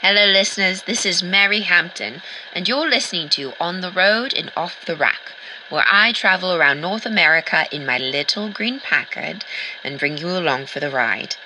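A woman's voice: fairly low pitch, animated, normal speed, pushed and bright, slight background noise, poor audio. A woman playing a chipper 1940s radio host who tours towns and gives fashion advice in a chatty, enthusiastic, slightly theatrical way.

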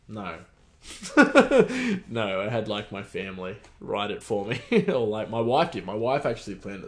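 Rambling man in casual storytelling. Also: on the low side. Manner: rambling, with frequent restarts and soft laughs. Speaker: podcast host.

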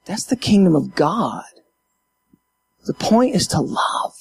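A man, a Christian minister, talking to his audience in an impassioned, half-sermon style, emphatic and animated, repeating his key phrases. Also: sits high, slow, gravelly, breathy edge.

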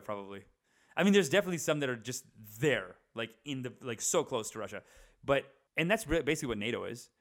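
A young man talking to the camera in a rambling, casual monologue, swearing and chatting with many fillers and restarts. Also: mid-range voice. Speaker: vlogger. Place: indoors at his parents' house.

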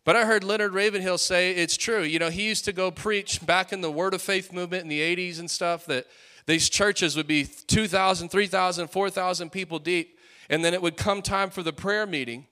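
A man in his late twenties preaching a sermon with fiery, rising peaks and quieter storytelling asides. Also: sits high, fairly even intonation, moderate pace. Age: late 20s.

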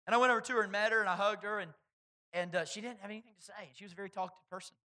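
A man preaching a sermon as pastor, swinging between loud, stressed points and quiet, hushed storytelling. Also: high-pitched, racing.

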